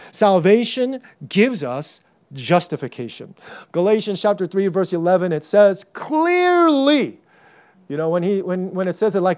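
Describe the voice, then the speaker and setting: A man preaching a sermon as pastor, animated, acting out voices and shouting for emphasis. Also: high voice.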